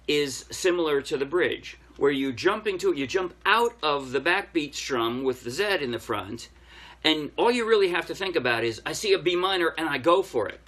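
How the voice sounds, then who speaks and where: A man's voice: fairly high pitch, moderate pace, loud music behind the voice. Man casually teaching ukulele over strumming. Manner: relaxed, explaining step by step while playing. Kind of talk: casual music tutorial explanation. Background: ukulele playing.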